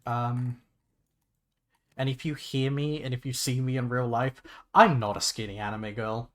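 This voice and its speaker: A young man chatting casually on a livestream while he plays a game, rambling and excitable, swearing freely and restarting his sentences. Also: medium pitch, unhurried. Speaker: VTuber streamer. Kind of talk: casual gaming livestream chat.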